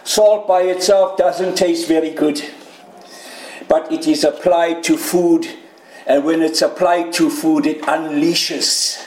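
A man preaching a sermon as pastor, lively and playful, sometimes mimicking a shouting voice. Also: a little high, a little hiss or hum. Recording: echoey room.

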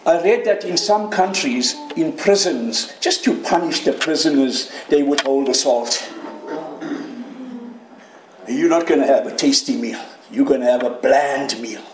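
A man preaching a sermon as pastor, lively and playful, sometimes mimicking a shouting voice. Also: medium pitch, measured pace, background noise. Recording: echoey room.

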